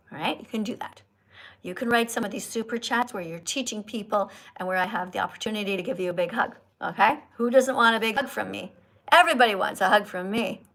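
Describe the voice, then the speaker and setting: A woman hosts a casual livestream and chats straight to her viewers. She talks in an animated, teacherly, playful way, and her voice sits a little high. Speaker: livestream host. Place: Italy.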